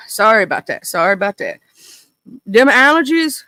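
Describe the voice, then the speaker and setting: A woman in her thirties with a Mississippi Southern accent, hosting a casual livestream chat in a goofy, animated, rambling way. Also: fairly high pitch, normal speed, dry recording. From small town in northern Mississippi, USA. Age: 30s. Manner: goofy, animated, talkative, goes off on tangents. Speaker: livestream host.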